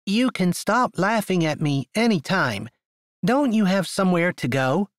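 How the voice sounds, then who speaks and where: A man reading aloud puts on a short, proper young woman with a prim, clipped, haughty way of speaking. Her voice sits high and pushes louder than the narration around it, and it is close and dry. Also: very animated, unhurried, no room sound. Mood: irritated.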